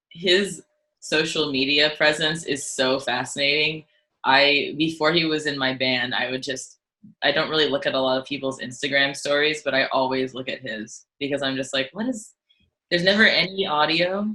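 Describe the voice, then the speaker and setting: A woman musician chatting as an interview guest, telling stories in an animated way with frequent "like"s and restarts. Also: low voice, normal speed, rough recording. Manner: animated storytelling, lots of "like" and restarts. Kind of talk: casual interview chat.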